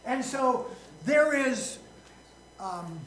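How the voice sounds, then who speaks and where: Pastor, sermon, slow, folksy and joking, questions to the congregation, roomy church echo. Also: high-pitched, expressive, fairly bright tone, slight background noise.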